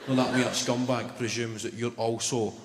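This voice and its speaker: Glaswegian man, stand-up comic, punchy storytelling, long reverb of a big venue, loud audience noise. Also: mid-range voice, fairly even intonation, normal speed. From Scotland. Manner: storytelling with mimicked voices, punchy delivery. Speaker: stand-up comedian. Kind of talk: stand-up comedy set. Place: comedy venue stage.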